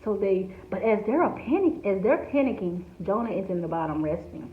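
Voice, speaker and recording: A woman's voice: medium pitch, lively intonation, brisk, slight background noise. A woman giving an informal devotional message in a conversational way, with frequent asides to the listener. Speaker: devotional speaker. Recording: echoey, tinny phone-like sound.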